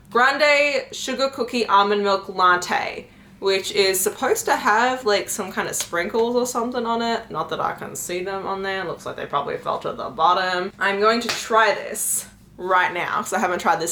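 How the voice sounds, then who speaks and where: A woman's voice: medium pitch, sharp tone, a little hiss or hum. A young woman in her twenties chatting casually in a vlog, rambling with lots of fillers and giggles. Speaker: book vlogger. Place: home room and outdoors on a lunch break. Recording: echoey room.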